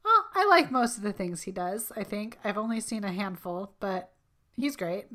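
A woman's voice: mid-range voice, lively intonation, moderate pace, sharp tone. Playful woman podcast co-host. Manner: playful, laughs easily. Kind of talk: casual chat.

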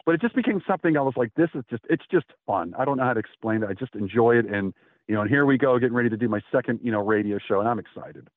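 A man's voice: medium pitch, lively intonation, rapid-fire, dry recording. A man, a radio host telling a rambling story in an interview and acting out the quotes. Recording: tinny phone-like line.

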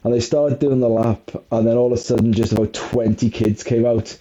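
A man chatting about football in a very dark, mellow voice, rambling and poking fun at himself. The recording is dull and lo-fi, like a home podcast setup. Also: mid-range voice, steady tone, brisk. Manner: rambling, self-mocking, often laughing. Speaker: podcast co-host. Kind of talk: casual football chat.

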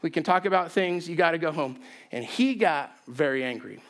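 A man preaching a sermon, telling a story with self-deprecating humor and an animated, chatty delivery. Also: on the high side, normal speed. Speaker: pastor. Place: church sanctuary.

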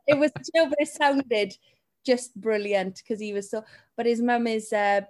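A woman who works as a talent agent co-hosts a relaxed podcast. She chats freely and laughs easily while she tells stories from her work. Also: a little high, moderate pace, long pauses. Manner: chatty, laughs often, tells anecdotes. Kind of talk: casual podcast chat.

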